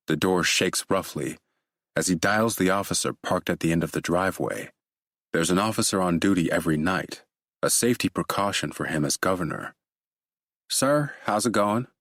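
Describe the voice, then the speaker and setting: A man narrating a thriller audiobook in a steady, measured way. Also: deep voice, no room sound, clean studio sound.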